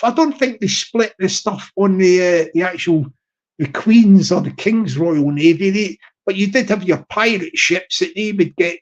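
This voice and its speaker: A man's voice: sits high, muffled recording. A man hosting a live stream, chatting in a rambling way with many restarts and tangents. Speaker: livestream host.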